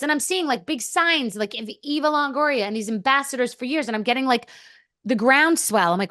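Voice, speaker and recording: A woman's voice: high-pitched, animated, a little fast, fairly bright tone, dry recording, studio quality. A woman guest on a podcast, telling a candid story in a blunt, profane, rambling way.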